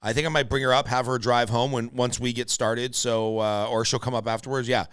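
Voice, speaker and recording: A male podcast host chats casually with a friend. His voice is smooth and resonant, and the recording is dry and close. He speaks openly about his affection and laughs easily. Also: medium pitch, level tone, dry recording. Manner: warm, affectionate, quick to laugh. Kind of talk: casual conversation.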